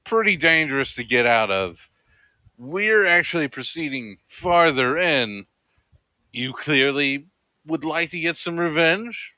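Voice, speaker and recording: A man chats casually at a tabletop game and laughs often. His voice is bright and slightly high, and he talks slowly with a lively melody. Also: no echo. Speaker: player.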